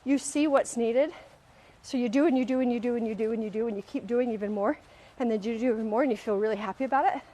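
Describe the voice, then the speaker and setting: A woman's voice: a little high, fast talker. A middle-aged woman hosting a live self-help session, talking casually and with plenty of animation to her audience, and often acting out the voices of people in her stories. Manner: animated storyteller, often acts out quoted voices. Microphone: livestream camera mic.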